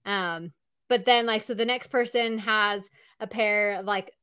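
A podcast host chats casually while running a live show over a video call, her talk stuffed with "like" and "um." Her mid-range voice is steady and unhurried, pushed and bright with a clean tone.

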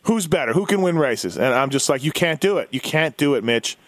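A man co-hosting a casual motorsports podcast tells a long, rambling story, acting out what people said. His voice is on the high side, animated and fairly quick, with no room sound.

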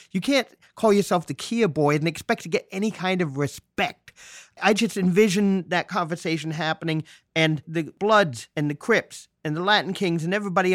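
A man from New City, hosting a podcast and telling stories in a joking, salty, animated way. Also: sits high, no room sound, clean studio sound. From New York City. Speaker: podcast host. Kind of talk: casual storytelling monologue.

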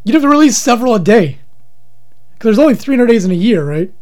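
A man's voice: extremely high pitch, sing-song, fast talker, darkish tone. A man co-hosting a podcast, rambling earnestly and talking himself in circles. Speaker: podcast co-host. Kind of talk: casual comedic banter.

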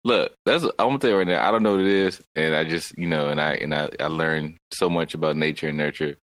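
A man co-hosting a podcast, talking in a rambling, halting way with many restarts. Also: very deep voice, fairly even intonation, fairly bright tone. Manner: rambling, halting, self-interrupting. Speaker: podcast co-host. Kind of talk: casual chat.

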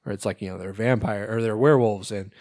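A man with a low voice talks through a film in relaxed podcast chatter. He swears casually, laughs often and leans on fillers. The recording is dry and close, with no room sound. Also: fast, no room sound. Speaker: podcast co-host.

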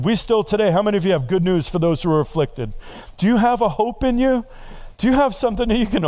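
A man's voice: a little high, darkish tone. A middle-aged male pastor preaching a sermon in a conversational way, often asking the congregation questions.

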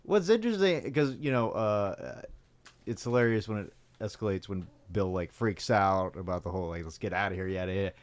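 Animated man in casual podcast chat. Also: lowish voice, moderate pace. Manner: animated, laughs often, acts out lines in a loud voice. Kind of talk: casual chat recapping a sitcom episode.

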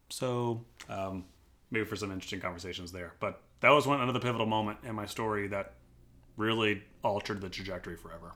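A man's voice: fairly low pitch, quick pace, pushed and bright. A man who is a pastor from Colorado, telling his personal faith story in an earnest, reflective way and acting out quotes with energy. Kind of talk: personal testimony in a church podcast interview.

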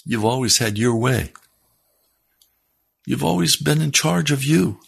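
Male pastor, middle-aged, unhurried pleading sermon delivery, a bit raspy. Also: expressive. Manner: earnest, pleading, rises in pitch when exhorting. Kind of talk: sermon with read-aloud testimony.

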